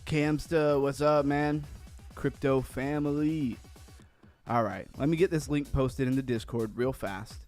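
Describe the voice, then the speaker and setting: A man's voice: medium pitch, steady tone, unhurried, darkish tone, soft background music. A man hosting a casual crypto livestream, upbeat and rambling, a little out of breath after cardio. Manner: upbeat, reads chat names aloud, rambling. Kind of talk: casual live-stream chat.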